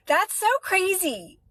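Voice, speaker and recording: A woman's voice: extremely high pitch, bright, forceful tone, no room sound. A woman with a Philadelphia accent, a mother and manifestation coach chatting on a livestream, reassuring viewers and answering their comments by name. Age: adult.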